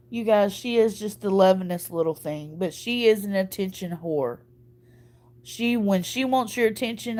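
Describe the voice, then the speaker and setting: A woman's voice: mid-range voice, darkish tone. Woman, 30s, choked up from crying, rambling folksy chat to viewers. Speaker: vlogger.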